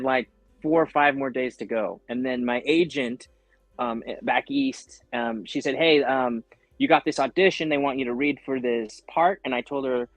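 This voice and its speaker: In a casual interview, a male actor guest tells a story in a mid-range voice, captured in a dry recording. He's animated, acting out other people's lines and using plenty of fillers.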